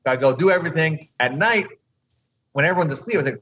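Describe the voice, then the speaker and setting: Husky man telling it straight. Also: on the high side, expressive, fast, pushed and bright, highs cut off. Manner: emphatic, frank, keeps asking "right?". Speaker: eliminated reality competition contestant. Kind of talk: remote interview, storytelling.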